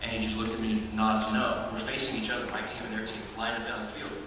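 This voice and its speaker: A man's voice: on the low side, flat delivery, fast, background noise. A man from Texas telling profane, laid-back stories as a guest on a convention panel. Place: large convention hall. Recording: echoey hall recorded from far off.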